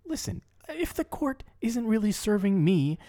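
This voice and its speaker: A man's voice: high voice, big pitch swings, a little slow, mellow. A man co-hosting a comedy podcast, bantering in improvised bits, often bewildered and sometimes bursting into mock outrage.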